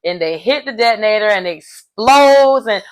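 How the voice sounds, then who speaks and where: A woman, recapping a reality show in a casual, animated way and laughing often. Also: medium pitch, normal speed.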